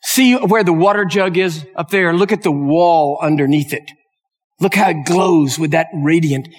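Impassioned high-voiced male preacher. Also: normal speed, big-room sound. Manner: emotional, rising to impassioned exhortation. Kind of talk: sermon storytelling.

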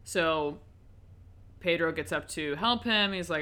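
A woman's voice: fairly low pitch, measured pace, sharp tone, clean tone. A woman giving a casual, chatty recap and review of a horror film, with frequent ums and likes.

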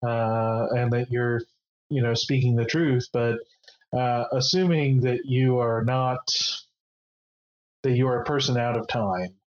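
A man voicing a calm, guarded woman guild master who bargains in a measured, deliberate way, on a slightly muffled recording. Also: medium pitch, lightly acted.

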